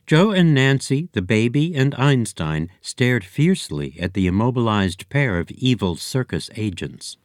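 A man reading a children's storybook aloud in a lively, expressive way. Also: mid-range voice, a little slow, hardly any pauses, no room sound, studio quality. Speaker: narrator.

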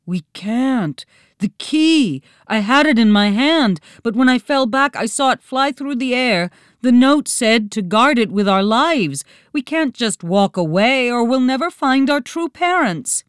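A woman's voice: a little high, lively intonation, measured pace, clear, resonant tone, dry recording, clean studio sound, pitched above the performer's own voice. A woman voicing a young boy twin who speaks urgently and desperately.

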